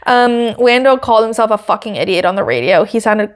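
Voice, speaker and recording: A woman's voice: mid-range voice, animated, a little fast. A young woman hosting a podcast, recapping a race in casual chat with lots of fillers and asides. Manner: chatty, frequent fillers and asides. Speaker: podcast host.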